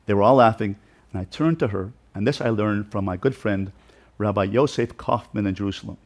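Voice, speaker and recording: A man's voice: lowish voice, a little fast. A man speaking as a rabbi in an inspirational talk, earnest and heartfelt, building emphatic repeated lists.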